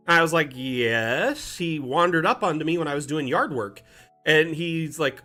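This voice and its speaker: A man hosting a live stream, telling a casual story in an animated, rambling way and often correcting himself mid-sentence. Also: fairly high pitch, normal speed, soft background music. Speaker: community manager streamer. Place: home, Las Vegas.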